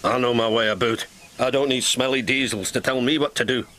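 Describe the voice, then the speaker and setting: A man's voice: mid-range voice, fairly even intonation, brisk, noisy background, lightly acted. A man voicing a brash, stubborn and grumpy male steam engine who talks bluntly and with scorn. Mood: scornful.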